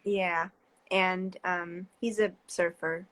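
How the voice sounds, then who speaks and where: A woman's voice: lowish voice, steady tone, fairly bright tone, rough recording. Young New Jersey woman, rambling chat. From New Jersey, USA. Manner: rambling, hesitant, many fillers and quick laughs. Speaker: guest artist. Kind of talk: casual chat.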